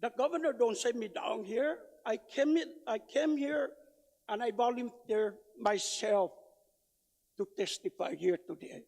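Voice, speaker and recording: Man, loud emphatic testimony, slow delivery, echoing hearing room. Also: extremely high pitch, gravelly. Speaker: public testifier at a legislative hearing. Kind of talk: public testimony.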